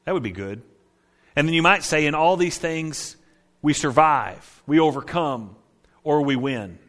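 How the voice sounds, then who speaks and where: A man's voice: fairly high pitch, lively intonation, unhurried. Dynamic male preacher. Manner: dynamic preaching, swinging from quiet to emphatic; reads scripture aloud. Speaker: pastor. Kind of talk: sermon.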